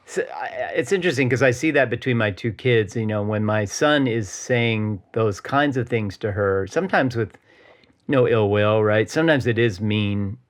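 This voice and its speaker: A man's voice: on the low side, moderate pace. A man co-hosting a podcast, talking casually and rambling, with lots of fillers and little checks for agreement. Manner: rambling, loaded with fillers like "you know" and "right". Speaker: podcast co-host. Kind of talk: casual personal conversation.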